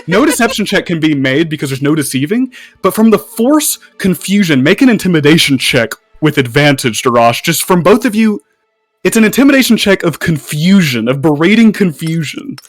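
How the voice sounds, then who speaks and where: A man running a tabletop game as game master, giving quick casual rulings. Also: fairly high pitch, animated.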